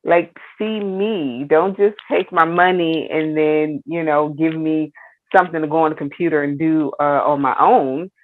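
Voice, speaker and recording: A woman's voice: low voice, steady tone, normal speed, no room sound. A woman speaking earnestly on a video call as a program participant, with emphatic phrasing. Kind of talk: casual chat on a video call. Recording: tinny phone-like line.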